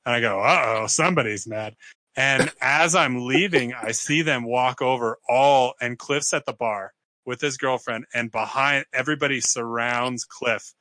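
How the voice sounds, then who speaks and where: A man telling a story in casual podcast chat, relaxed, laughing and quoting himself in a lifted voice. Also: mid-range voice, moderate pace, no echo. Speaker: podcast co-host.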